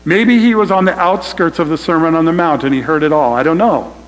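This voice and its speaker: A man with a fairly high voice preaches an emphatic sermon, speaking straight to his congregation. The sound rings with the long reverb of a church hall. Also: brisk. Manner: emphatic, addresses congregation as "you guys". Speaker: pastor. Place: church sanctuary.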